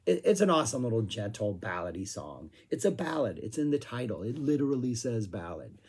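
A man casually talking through his favorite songs, with frequent fillers and a voice that is going hoarse. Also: mid-range voice, very animated, a little fast, a little mellow. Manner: rambling, filler-heavy, hums guitar riffs. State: losing his voice, clearing throat. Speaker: music review vlogger. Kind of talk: casual chat.

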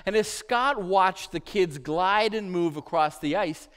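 A male pastor preaching a sermon in a church, moving between emphatic, loud declarations and hushed, soft phrases as he tells a story in repeated lists. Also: high voice, measured pace, smooth. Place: church sanctuary.

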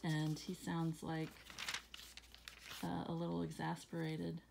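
Low gravelly woman reading scripture softly. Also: monotone, noisy background. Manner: reads scripture slowly, then muses with fillers and soft laughs. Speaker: Bible reading channel host. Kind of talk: casual Bible reading and reflection. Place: at home.

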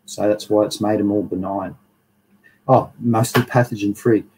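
A man hosts a live stream in a casual, rambling lecture, reading slides aloud and answering chat as he goes. His voice sits fairly low and sounds dark and mellow. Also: fairly even intonation, normal speed, a little hiss or hum, rough recording. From Australia.

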